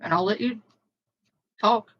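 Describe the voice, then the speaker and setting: A woman hosting a live stream, speaking calmly and reassuringly to a caller. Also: mid-range voice, unhurried. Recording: dull, lo-fi stream audio.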